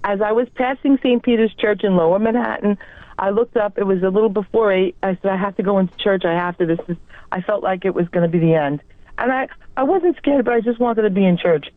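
A woman's voice: mid-range voice, fast talker, no room sound. A woman with a New York accent calling in to a radio show, telling a personal story in an earnest, rambling way. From New York area. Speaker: caller. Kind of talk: phone-in testimony. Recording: tinny phone line.

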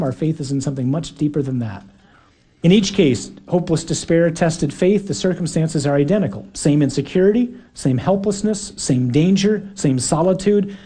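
A male preacher delivering an earnest, emphatic sermon. His voice sits fairly high but sounds mellow, with a husky grain. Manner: earnest, emphatic, acts out quotes.

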